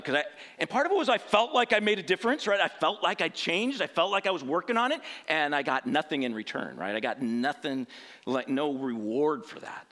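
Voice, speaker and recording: A man tells a personal story from the pulpit in a conversational, rambling way, often checking in with the listener. His voice sits fairly high and bright, and it swings widely up and down as he talks. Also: expressive, fairly quick. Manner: rambling, conversational, tags lines with "right?".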